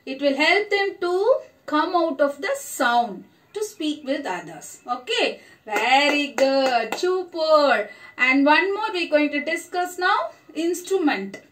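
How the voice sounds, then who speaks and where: A woman teacher giving an online lesson to young children, slow and encouraging, praising each answer. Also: high voice, big pitch swings, fairly bright tone, a little hiss or hum. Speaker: primary school teacher.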